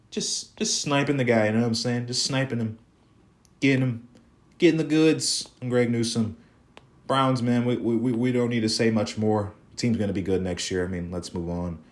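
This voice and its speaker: A man hosting a sports podcast, ranting casually with lots of cursing and repetition. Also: sits low. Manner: profane, fired-up, repeats himself.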